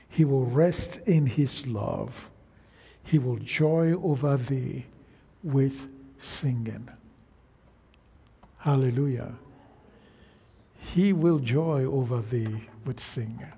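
A man preaching a sermon, slow and emphatic, calling out to the congregation for responses. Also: medium pitch, warm tone, slightly rough, big-room sound.

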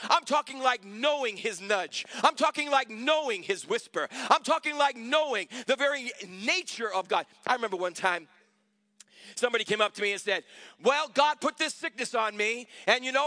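A male pastor preaching a sermon, calling for responses from the congregation and rising to shouts. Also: very high voice, dry recording.

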